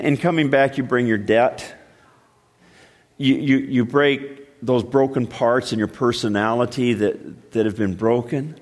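A male pastor preaching a sermon, with emphatic delivery and many repeated starts, dropping low and slow to stress a point. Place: church sanctuary. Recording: long reverb of a large hall.

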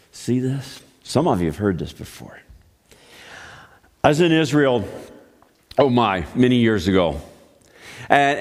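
A man preaching a sermon, telling the story in a playful, joking way. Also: mid-range voice. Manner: playful, jokey. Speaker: pastor. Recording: echoey hall.

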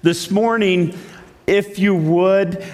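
A man preaching a sermon, telling a story in a lively way with many restarts. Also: high-pitched, very slow, in a large hall. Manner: animated storytelling with repeated restarts.

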